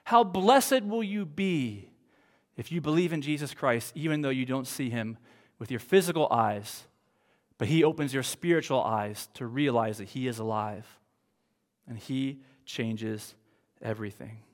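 A man in his thirties preaching a sermon, telling stories expressively and moving between animated bursts and hushed, soft passages. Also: mid-range voice, normal speed. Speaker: pastor. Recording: long hall reverb.

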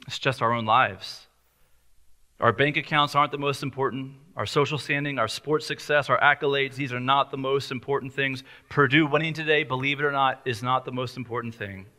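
A man's voice: on the high side, bright, forceful tone. A male pastor preaching an earnest, emphatic sermon full of rhetorical questions.

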